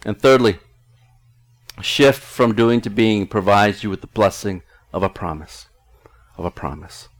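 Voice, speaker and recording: A man's voice: lowish voice, a little slow. A middle-aged male pastor preaching a conversational sermon in an earnest tone, often restarting his sentences.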